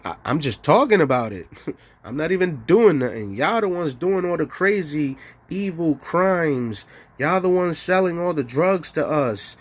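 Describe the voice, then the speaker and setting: A man's voice: fairly high pitch, expressive, a little slow. Profane, heated male livestreamer. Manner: profane, heated, laughing between lines. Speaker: livestream host.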